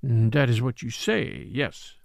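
A man's voice: on the high side, big pitch swings, moderate pace, creaky, no room sound, clean studio sound. A man reading the part of a formal, severe middle-aged French magistrate. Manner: formal, polite but severe. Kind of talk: audiobook character reading.

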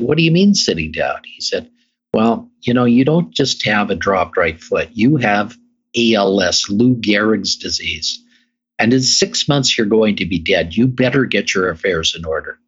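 A man's voice: fairly low pitch, fairly bright tone, husky. A middle-aged man, a guest on an interview show, telling his story emphatically and repeating phrases for effect. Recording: dull lo-fi recording.

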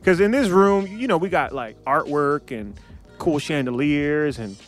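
A man's voice: on the high side, expressive, unhurried, soft background music. A man hosting a podcast in a studio room, chatting and telling stories playfully and laughing often. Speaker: podcast host. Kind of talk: casual chat.

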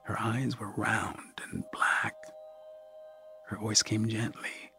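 A man narrating a first-person story in a measured, expressive audiobook style. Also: lowish voice, creaky, soft background music.

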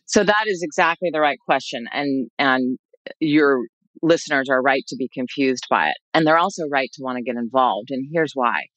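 An expert guest who cares for older adults, answering interview questions in a measured, reassuring way. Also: mid-range voice, fairly bright tone, no echo, rough recording. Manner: measured, reassuring, advice-giving.

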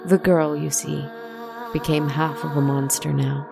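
A woman narrating a fable in a hushed storytelling manner, turning aside now and then to address the listener. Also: deep voice, flat delivery, unhurried, vocal fry. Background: faint music.

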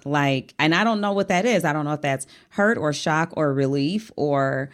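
A woman co-hosting a casual podcast chat, speaking haltingly and searching for words. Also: low voice. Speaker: podcast co-host.

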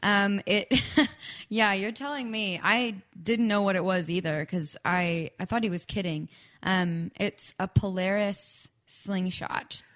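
A woman's voice: mid-range voice, slow, fairly bright tone. A young woman chatting casually as a guest, with lots of fillers and acted-out quotes. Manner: chatty, frequent fillers and laughs, acts out quoted speech. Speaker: guest songwriter. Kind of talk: casual chat.

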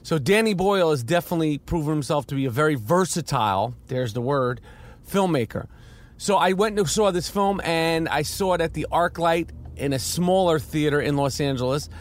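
A middle-aged man rambles through a casual film review, cursing and circling back on himself. His voice sits high for a man. He talks outdoors on a city street. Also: lively intonation, normal speed. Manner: rambling, profane and fiery, with many restarts. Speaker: podcast host and actor reviewing a film.

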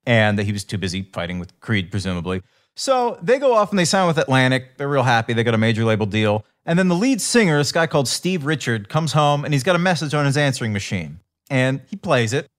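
A man co-hosting a podcast, telling a story in casual chat and reading quotes aloud in a chipper tone. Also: medium pitch. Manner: animated storyteller, reads in a chipper tone. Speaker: podcast co-host.

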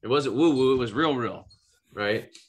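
A podcast host from Eastern Oregon tells a personal story in a loose, rambling, casual chat, swearing now and then. His voice is mid-range and his speed normal.

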